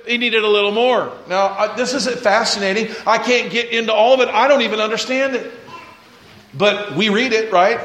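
A man with a high, brisk, slightly bright voice is a pastor giving a conversational sermon to his church. He reads scripture aloud and talks it through, restarting himself often.

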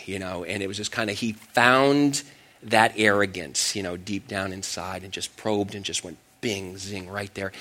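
A man's voice: lowish voice, a bit bright. A middle-aged man preaching a sermon, telling a personal story in a self-deprecating way with frequent restarts. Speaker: pastor.

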